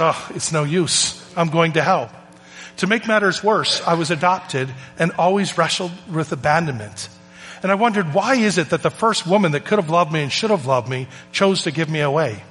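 Man, preacher, slightly high voice, earnest storytelling, echoing hall. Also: fairly bright tone. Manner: earnest storytelling with emphatic pauses. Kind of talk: sermon. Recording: long hall reverb with faint music.

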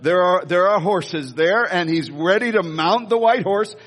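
A male pastor giving a lively sermon, telling stories and joking with the congregation. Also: sits high, a little slow. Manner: animated storytelling with audience asides. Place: church hall. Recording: hall reverb.

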